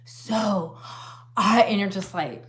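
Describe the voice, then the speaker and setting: A woman on a casual livestream, chatting with her husband and reading viewer comments aloud, rambling and relaxed. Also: medium pitch, moderate pace, slight background noise. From United States. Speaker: livestream co-host.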